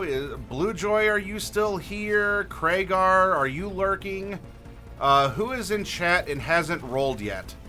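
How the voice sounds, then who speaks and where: A man hosting a livestream as game master, friendly and unhurried, asking chat for dice rolls and pausing with fillers. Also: fairly high pitch, pushed and bright. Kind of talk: livestream character creation, talking to chat.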